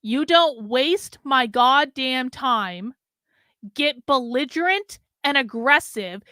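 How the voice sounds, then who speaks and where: A vlogger rants in a high, sharp-toned voice on a dry recording. She is exasperated and swears freely, repeating herself and cutting in with strings of refusals in profane, repetitive venting.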